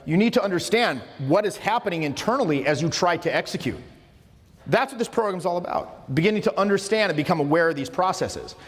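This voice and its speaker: This fairly high-voiced man teaches social skills in a relaxed, instructional lecture, speaking with informal emphasis and frequently starting sentences over. A lengthy room reverb trails his voice.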